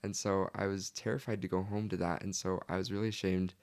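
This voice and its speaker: A young man talking as a podcast guest, his voice a touch low with a gravelly fry running through it. He tells his story earnestly and casually, with "like" sprinkled all through his sentences. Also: little pitch movement, fast talker. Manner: earnest, leans heavily on "like".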